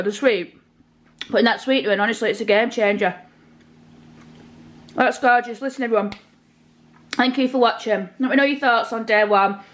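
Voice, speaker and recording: A woman's voice: fairly high pitch, rough recording. Casual woman, home cooking vlog, chatty direct address to viewers. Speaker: vlogger. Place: home kitchen.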